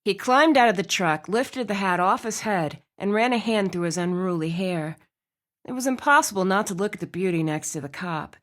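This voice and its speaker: Woman, audiobook narration, expressive delivery, medium pitch. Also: normal speed. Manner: expressive storytelling. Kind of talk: scripted narration.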